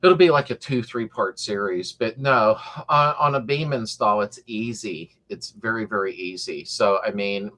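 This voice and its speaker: A man's voice: fairly low pitch, moderate pace, hardly any pauses, pushed and bright. A middle-aged man hosting a casual live-stream chat, rambling and joking as he reads viewer comments aloud. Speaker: host of a car restoration channel live chat.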